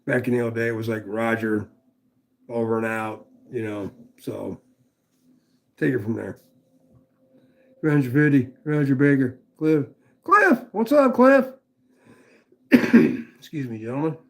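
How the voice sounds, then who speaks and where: A man with a gravelly, rough-edged voice rambles through a casual knife review on a live stream. He swears freely and keeps breaking off to greet viewers by name. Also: medium pitch, fairly even intonation, a little slow, long pauses, a little mellow. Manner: rambling, profane, chatty with viewers. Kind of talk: casual livestream chat.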